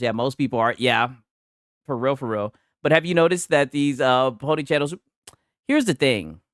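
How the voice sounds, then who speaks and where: A male host runs a casual gaming news stream, reacting to posts in a loose, profane way and laughing often. His voice is medium in pitch, recorded clean in a studio with no room sound.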